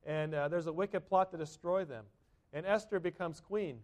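A man's voice: fairly high pitch, moderate pace, a little mellow. A man preaching a sermon to a congregation, conversational, often asking the listeners questions. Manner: conversational, asks the congregation questions, acts out quotes. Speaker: pastor.

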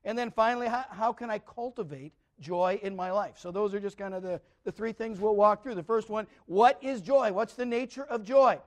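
High-voiced preacher with emphatic swings. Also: male voice, normal speed, few pauses. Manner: repeats words as he restarts, asks the audience "right?"; swings between loud emphatic lines and quiet asides. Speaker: pastor. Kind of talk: sermon.

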